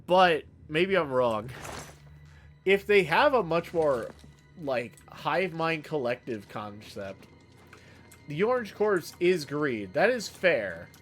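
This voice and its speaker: Man, game streamer, casual rambling chat, joking with viewers, slow unhurried pace, slightly higher voice, faint music behind. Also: big pitch swings, a bit bright.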